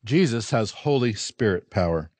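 A man's voice: on the low side, moderate pace, no room sound. A man preaching a sermon as pastor in a church, speaking emphatically and swinging his delivery up and down for emphasis. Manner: emphatic, animated preaching with rising and falling emphasis.

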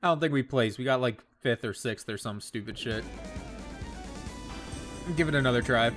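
A man's voice: mid-range voice, normal speed, music in the background. A young man streaming a racing game from his bedroom, chatting casually, swearing often and laughing a lot. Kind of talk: casual gameplay commentary.

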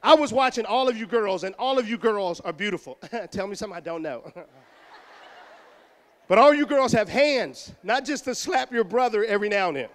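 A man from Houston entertaining a middle school assembly, teasing and calling out loudly to the kids. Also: sits high, expressive, moderate pace. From Houston, Texas. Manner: loud, teasing, calls out to the audience. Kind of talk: joking live show banter with a crowd. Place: middle school gym or auditorium.

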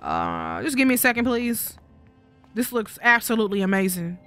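A woman's voice: medium pitch, huge pitch swings, moderate pace, a bit bright, clean tone, faint music behind. A woman streaming a video game with casual, sassy, profane commentary, talking back to the characters on screen. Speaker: gaming streamer. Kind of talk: casual let's-play commentary.

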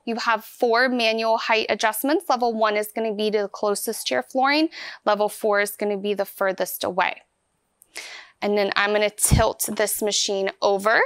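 Working as a product demonstrator at a vacuum store, a woman cheerfully chats her way through each hands-on step. Her voice is fairly high, a bit bright and clean, with no room sound.

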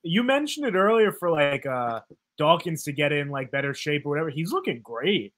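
A man's voice: on the high side, sing-song, fairly bright tone, no room sound. Guest, male, from New York City, light upbeat reactor; dry close mic. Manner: encouraging, quick little reactions. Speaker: podcast guest. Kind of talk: casual chat.

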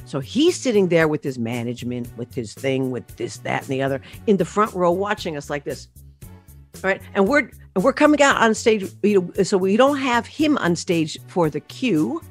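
A woman singer telling stories about her career in a casual interview, animated, with many fillers and restarts. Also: on the low side, normal speed, faint music behind.

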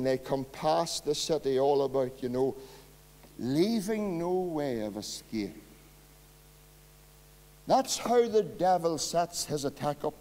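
A man preaching a sermon as pastor, swinging between loud impassioned passages and quiet low ones. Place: church hall. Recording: long hall reverb.

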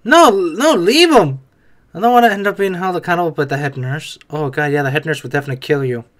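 A man's voice: fairly high pitch, fast, a bit bright. A young man talking back at the screen in casual reaction commentary, chatty and swearing now and then. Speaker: reaction video host.

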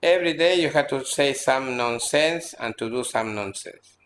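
Earnest man teaching with halting restarts. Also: medium pitch, fairly bright tone, a little hiss or hum. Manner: halting, repetitive phrasing with many restarts; earnest, admonishing. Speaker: spiritual teacher. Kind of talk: spiritual teaching in a seminar Q&A. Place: seminar room at an ashram in India.

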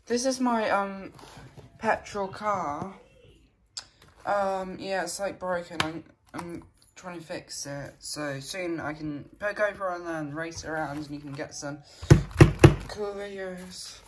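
Hoarse woman vlogging, slow and rambling. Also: fairly low pitch, very noisy. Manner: rambling, silly, filler-heavy. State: hoarse, losing her voice. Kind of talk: casual vlog.

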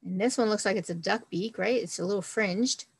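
A woman's voice: mid-range voice, a little fast, gravelly, slightly rough, no room sound, rough recording. A woman, a children's librarian, reading a picture book and leading a friendly, upbeat science lesson for kids.

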